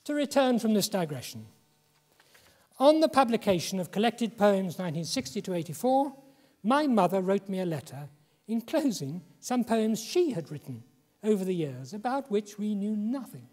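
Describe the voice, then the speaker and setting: A man in his seventies from England giving a reflective public lecture, measured and slowing for emphasis. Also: sits high, very animated, darkish tone. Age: 70s. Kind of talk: public lecture and poetry reading. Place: lecture hall. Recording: long hall reverb.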